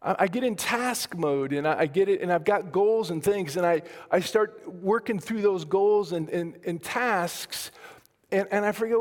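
A man's voice: high voice, normal speed. A man, a pastor from Colorado, preaching a sermon in a storytelling way with self-deprecating humor and frequent restarts. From Colorado, USA. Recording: long hall reverb.

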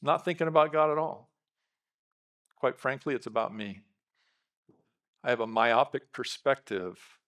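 A middle-aged male pastor preaching a lively sermon, bantering with the congregation and asking them questions. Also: mid-range voice. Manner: lively, talks with the congregation, quick asides.

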